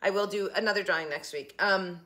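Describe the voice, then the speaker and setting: A woman with a medium-pitched, bright, forceful voice talks briskly as host of a casual shopping haul vlog shot on a phone camera. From her home kitchen she rambles chattily, regularly stopping herself partway through a thought.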